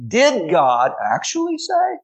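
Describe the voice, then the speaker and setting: A man voicing a crafty serpent tempter in a high, insinuating questioning tone during a sermon. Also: huge pitch swings, takes it slowly, creaky, heavily acted. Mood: sly.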